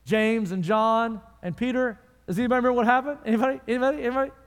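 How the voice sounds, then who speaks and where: A man preaching a sermon in a church, telling the story dramatically and dropping from loud to hushed. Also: very high-pitched, fairly even intonation, rapid-fire, clean tone. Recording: long reverb of a large hall.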